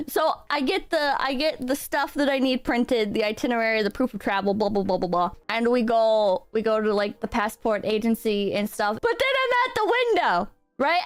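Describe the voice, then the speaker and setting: Young woman streamer, high voice that jumps around a lot, dramatic storytime to chat, swears a bunch, streaming mic at home.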